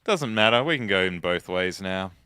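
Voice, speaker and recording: A man's voice: low-pitched, animated, moderate pace, sharp tone, clear, resonant tone, no room sound, clean studio sound. A man giving casual gameplay commentary, chatting and musing aloud to himself as he plays. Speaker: let's play host.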